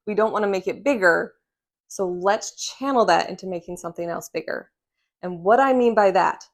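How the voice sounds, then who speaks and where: A woman, a respiratory therapist, talking frankly and reassuringly to her phone camera at home, often checking in with "okay?" and "right?". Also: medium pitch. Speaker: respiratory therapist sharing breathing tips. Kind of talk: casual direct-to-camera vlog. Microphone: phone camera under ring light.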